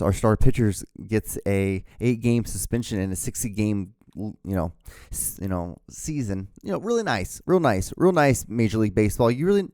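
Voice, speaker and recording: A man's voice: medium pitch, mellow, dry recording, clean studio sound. A young man hosting his own show, ranting in a rambling, profane, exasperated way. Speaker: podcast host. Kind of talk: casual rant.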